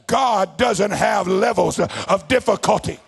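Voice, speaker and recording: A man preaching a sermon, swinging between hushed, low storytelling and shouted, fervent declarations. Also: slow, creaky, husky, faint music behind.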